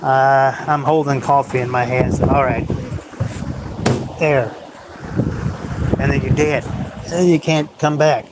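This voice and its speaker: A man's voice: mid-range voice, steady tone, slow pace, pauses often, heavy background noise. A man hosting a solo livestream, rambling in a brooding, bitter way about life. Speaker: livestream host.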